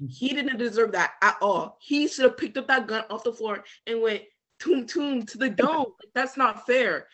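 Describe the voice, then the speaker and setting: Woman on a podcast, bright forceful voice, over the top outrage. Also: on the high side, moderate pace. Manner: dramatic, mock-outraged. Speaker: podcast guest. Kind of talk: casual chat.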